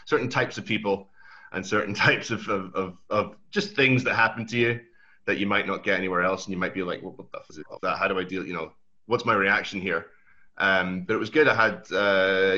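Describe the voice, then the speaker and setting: A young man from Switzerland whose first language is Swiss German speaks with a mixed Aberdeen Scottish accent carrying American traces. His voice sits very low yet bright and forward, and he talks in a loose, chatty way, often restarting his sentences. The recording sounds a little dull and lo-fi. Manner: relaxed, chatty, laughs often, many restarts. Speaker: guest. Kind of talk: casual interview chat. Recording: dull lo-fi audio.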